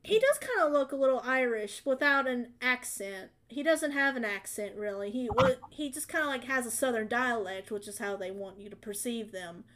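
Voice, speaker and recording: A woman's voice: fairly high pitch, lively intonation, moderate pace, few pauses, background noise. A woman chatting casually about a film she saw, rambling with lots of fillers and restarts. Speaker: film reviewer. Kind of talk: casual chat.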